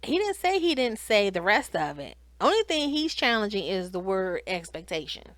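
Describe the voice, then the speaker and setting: A woman's voice: mid-range voice, normal speed, dry recording. Chatty woman recapping a reality show. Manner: animated, talks straight to viewers, quotes cast in raised voice.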